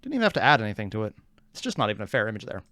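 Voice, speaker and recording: Excitable reaction-video man. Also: on the low side, rapid-fire. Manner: chatty, excitable, rambling. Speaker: reaction channel host. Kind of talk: casual reaction commentary.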